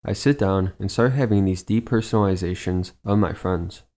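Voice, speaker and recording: A man reading aloud a first-person story someone sent in, in an even, unhurried storytelling manner. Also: sits low. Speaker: channel narrator. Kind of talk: reading a submitted first-person trip report.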